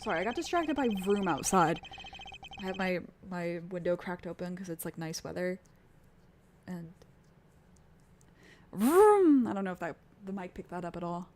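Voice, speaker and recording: A woman's voice: fairly low pitch, brisk, a little hiss or hum. A woman casually commenting while playing a video game, chatty and laughing often. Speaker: gaming streamer. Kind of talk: casual let's-play commentary.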